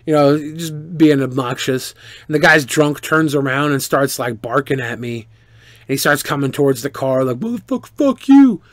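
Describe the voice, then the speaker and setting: A man streamer answering viewer questions in casual, animated storytelling, profane and boastful. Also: medium pitch, moderate pace, no echo, clean studio sound.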